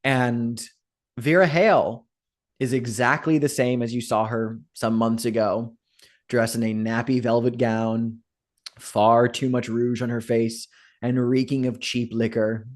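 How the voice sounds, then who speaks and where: A man's voice: medium pitch, steady tone, a little slow. A man as game master, narrating a tabletop game in a casual, loose way. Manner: casual, laughing, filler-heavy.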